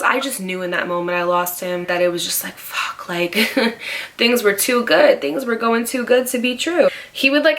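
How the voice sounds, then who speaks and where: A woman's voice: medium pitch, fairly bright tone. A young woman in her twenties telling a personal dating story in a casual, chatty way, filling her talk with "like" and swearing freely. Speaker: storytime vlogger.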